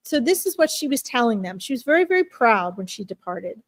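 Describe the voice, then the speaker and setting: A woman gives an emotional animal reading on a live stream in a somewhat high, sing-song voice. She talks gently, pausing a lot and beginning her sentences again. The sound is close and dry, with no room reverb.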